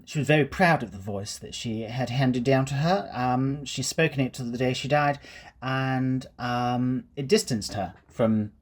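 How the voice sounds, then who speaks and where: This man's mid-range voice has a breathy edge and an English Received Pronunciation accent. A vlogger walking his dog outdoors, he rambles in a relaxed, thoughtful manner with many ums and uhs.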